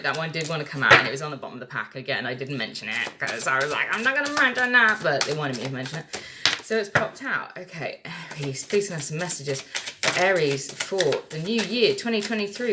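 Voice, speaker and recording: A woman's voice: sits low, very noisy. A woman giving a casual tarot reading, chatty and irreverent, swearing freely as she talks through the cards. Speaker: tarot reader.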